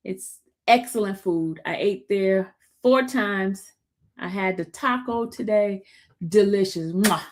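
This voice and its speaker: A woman hosting a casual live stream, telling her viewers a story in a chatty, animated way. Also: medium pitch, takes it slowly. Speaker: show host recapping a trial.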